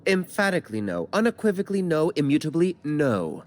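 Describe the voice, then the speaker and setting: An actor playing a prim, self-pitying corporate official in a video game, speaking in clipped, theatrical formal diction. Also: male voice, a little high, sing-song, a little fast. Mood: fussy. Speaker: corporate board representative. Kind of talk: video game character dialogue.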